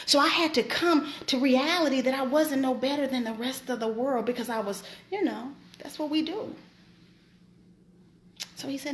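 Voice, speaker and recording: A woman who is a host and preacher gives a casual faith talk, emphatic and colloquial, telling stories with animation. Her voice sits high, and she speaks at a moderate pace.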